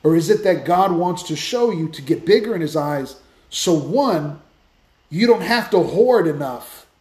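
A man hosting a Christian podcast, telling stories in a lively, casual way with many restarts. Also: fairly high pitch, measured pace, reverberant. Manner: animated storytelling with many restarts. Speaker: podcast host, Christian speaker. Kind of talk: casual faith talk.

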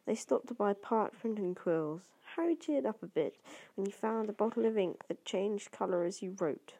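A woman's voice: mid-range voice, animated, moderate pace, mellow, husky. A woman doing an amateur audiobook reading, stumbling over words and restarting now and then. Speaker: reader.

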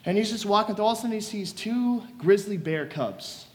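A man's voice: sits high, fairly quick. A man preaching a sermon, retelling stories animatedly and acting out scenes. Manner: animated storytelling, acts out scenes. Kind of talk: sermon with retold story.

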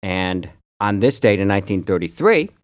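A man's voice: low-pitched, big pitch swings, moderate pace, no room sound, clean studio sound. A man in his fifties from upstate New York, co-hosting a podcast in a chatty, rambling way with lots of fillers. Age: 50s. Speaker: podcast co-host. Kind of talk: casual chat.

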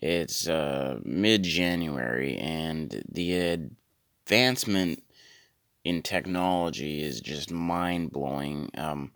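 Low gravelly-voiced man rambling a comic monologue. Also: takes it slowly, dry recording, studio quality. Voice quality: rambling, deadpan, repeats words. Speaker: podcast host. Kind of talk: comedic monologue.

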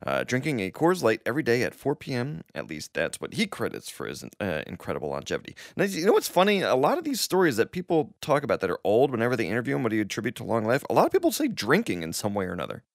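A man's voice: mid-range voice, wildly swooping pitch, quick pace, vocal fry, few pauses, dry recording, clean studio sound. A man co-hosting a casual podcast, reading news items aloud and joking along the way. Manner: reads out news items with jokey asides. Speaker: podcast co-host. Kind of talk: casual chat.

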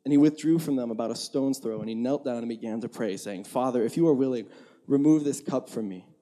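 A man's voice: mid-range voice, fast, warm tone. A young man giving a sermon in a conversational, candid way, acting out his own inner dialogue. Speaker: preacher.

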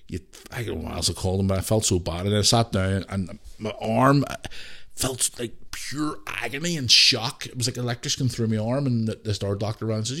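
A man's voice: fairly low pitch, fairly quick. A man in his thirties with a Northern Irish accent, telling stories animatedly on his podcast. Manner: animated storyteller, swears mildly, acts out voices in anecdotes. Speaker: podcast host. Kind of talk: casual storytelling monologue.

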